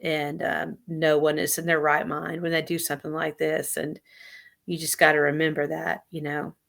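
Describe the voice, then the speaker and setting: A woman speaks in a low-pitched, gravelly voice heavy with fry. She is a guest giving an emotional personal account in an interview. Her speech is halting and hesitant, full of pauses and fillers. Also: monotone, fairly bright tone. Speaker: guest sharing lived experience of suicide loss.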